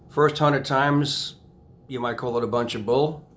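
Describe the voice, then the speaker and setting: A hypnotist talks casually to the camera about self-help, rambling, restarting sentences and repeating key phrases. He speaks unhurriedly, ending each point with a soft, low "okay?", and there is a faint hiss or hum.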